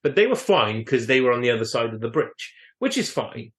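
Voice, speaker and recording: A man's voice: medium pitch, very animated, a little fast, a bit bright. A man co-hosting a film podcast, chatting casually and teasing his friends with a laugh. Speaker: podcast co-host. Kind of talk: casual film-review chat.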